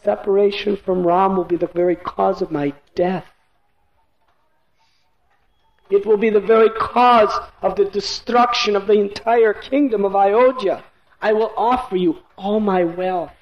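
A man voicing an anguished old king who begs and pleads, his voice climbing high in distress. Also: steady tone, normal speed, echoey room, lo-fi sound. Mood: pleading. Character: anguished old king, grief-stricken, begging.

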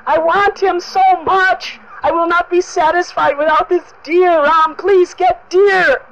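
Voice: sits high, normal speed, a bit bright, highs cut off, pitched above the performer's own voice. A storyteller voicing an eager, insistent young princess who pleads and demands. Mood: eager pleading. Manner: eager, insistent, turning to angry accusation.

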